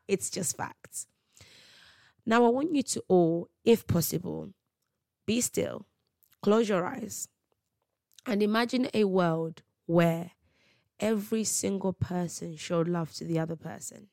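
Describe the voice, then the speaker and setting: A woman's voice: on the low side, slow pace, creaky, long pauses, darkish tone, dry recording. A woman delivering an emphatic, slangy faith monologue on her podcast. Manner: emphatic, preachy, slangy storytelling. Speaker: podcast host.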